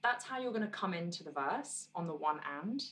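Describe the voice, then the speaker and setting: A woman musician teaching her own song on guitar, explaining parts in a relaxed, encouraging way and counting beats aloud. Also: fairly low pitch, brisk, recorded from a distance.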